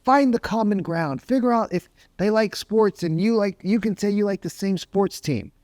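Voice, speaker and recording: A man's voice: sits high, normal speed, a little mellow, no echo, studio quality. A man giving a motivational talk as a sales coach, emphatic and full of rhetorical questions. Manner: emphatic, asks rhetorical questions, says "right?" often.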